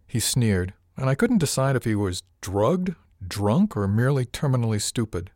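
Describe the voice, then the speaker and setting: A man narrating a first-person story in a measured way, giving characters light voices. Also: lowish voice, big pitch swings, darkish tone, dry recording, clean studio sound. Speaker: audiobook narrator.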